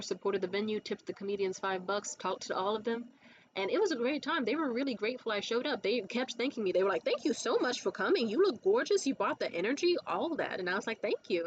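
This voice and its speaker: Woman, comedy producer, blunt profane vlog rant; slightly muffled recording with light background noise. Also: medium pitch. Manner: blunt, profane, animated storytelling. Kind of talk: casual rant to camera.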